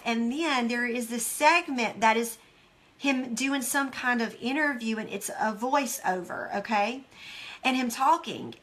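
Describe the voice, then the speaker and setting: High, bright-voiced intense woman host. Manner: intense, emotional storytelling; earnest, direct address to listeners. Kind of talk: motivational devotional talk.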